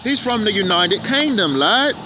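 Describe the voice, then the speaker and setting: High-voiced man ranting outdoors by traffic. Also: sing-song, normal speed. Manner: profane, heated and rambling. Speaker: vlogger. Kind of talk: ranting commentary vlog. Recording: street traffic noise behind. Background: passing cars.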